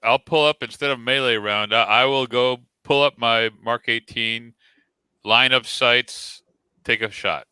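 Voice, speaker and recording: A man's voice: mid-range voice, steady tone, measured pace, sharp tone, clean tone, dry recording. A man playing a tabletop game, talking hesitantly with stammering restarts. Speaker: player. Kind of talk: casual tabletop play.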